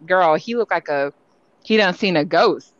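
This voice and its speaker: A woman's voice: fairly low pitch, expressive, normal speed, lo-fi sound. A woman co-hosting a podcast, chatting casually and filling her speech with "like" and "you know.". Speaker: podcast co-host. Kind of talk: casual chat.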